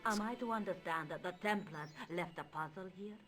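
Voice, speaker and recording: An actress voicing a proud, formal countess in a video game, with an imperious, dramatic manner. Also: female voice, lowish voice, brisk, a bit bright, faint music behind, close to an everyday voice. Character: proud Spanish countess, haughty, bitter, later hopeful.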